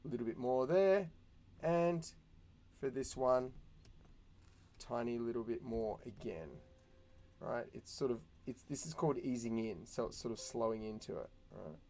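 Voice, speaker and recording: A young man teaching animation in a casual, chatty way, thinking out loud and making little sound effects as he works. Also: mid-range voice, a little slow. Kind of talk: casual screen-recorded tutorial.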